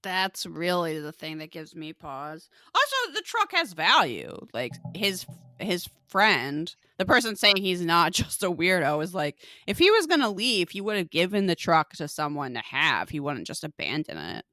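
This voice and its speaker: Female podcast co-host, lower voice, crisp and bright, wry comic timing, dry close sound. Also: normal speed, no echo. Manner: wry jokey quips, lively delivery. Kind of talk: casual chat.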